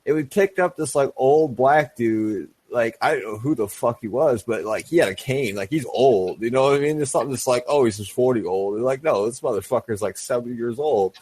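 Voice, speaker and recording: A man's voice: mid-range voice, fairly quick, hardly any pauses, a little mellow, breathy edge. A man telling a rambling, profane story as a guest in a casual podcast chat.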